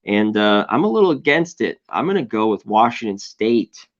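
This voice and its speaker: A man hosting a sports betting show, chatting loosely and joking, with a voice going hoarse. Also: on the low side, sing-song, moderate pace, muffled recording. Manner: loose, joking, lots of shout-outs. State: losing his voice. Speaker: sports betting podcast host. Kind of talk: casual sports betting chat.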